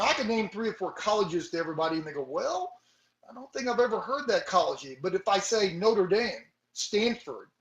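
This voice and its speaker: As a sales team leader, a man gives an energetic motivational talk, firing rhetorical questions to rouse his listeners. His voice is high-pitched, and the poor-quality audio echoes around the room.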